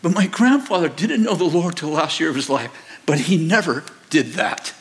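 A man preaching a sermon as a pastor, telling stories in an animated way, laughing often and acting out the voices. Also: on the high side, moderate pace, few pauses. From United States. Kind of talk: sermon with storytelling. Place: large church auditorium.

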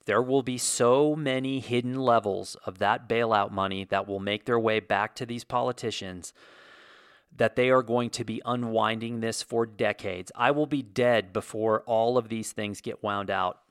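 A man's voice: fairly low pitch, normal speed, clean tone, dry recording, clean studio sound. A man from the United States hosting a vlog, giving an opinionated monologue in a ranting, sarcastic way with lots of fillers. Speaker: video host.

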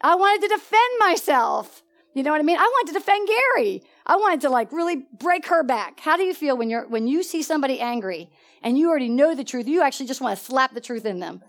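A middle-aged woman with a slightly high voice preaches a sermon, sharing a personal story. She swings between loud and soft and keeps asking her listeners questions. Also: animated, quick pace. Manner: asks the congregation questions.

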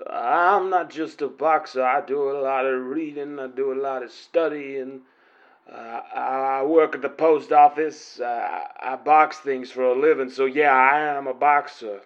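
Man playing a boxer impression, indignant prank caller, drawn-out delivery, gravelly, dull lo-fi sound. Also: mid-range voice, steady tone, close to an everyday voice. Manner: slow, indignant, quarrelsome. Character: prank caller impersonating a famous male boxer.

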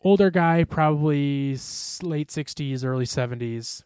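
A young man with a somewhat high voice tells a long, loose story in a casual podcast chat. He rambles, swears freely and leans on "like" while he talks. The sound is dry and close to the mic. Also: measured pace, darkish tone, clear, resonant tone, no echo. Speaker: podcast co-host.

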